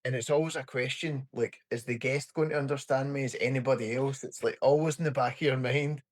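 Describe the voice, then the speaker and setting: A man's voice: mid-range voice, fairly even intonation. Male podcast host, strong working-class Scottish accent, casual and agreeable. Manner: chatty, agreeable, quick to laugh. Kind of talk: casual interview chat.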